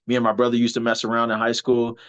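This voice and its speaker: A man's voice: mid-range voice, fast. A man, a wrestler and soldier, telling stories in a casual interview with lots of fillers and restarts. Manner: animated, rambling storyteller, many fillers. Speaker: wrestler and soldier, podcast guest. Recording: slightly dull, lo-fi audio.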